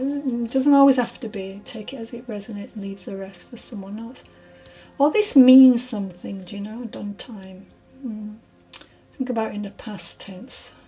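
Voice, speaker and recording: A woman giving a channelled mediumship reading, hesitant and apologetic, often dropping into soft whispered asides. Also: on the high side, low-quality recording. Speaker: spiritual medium.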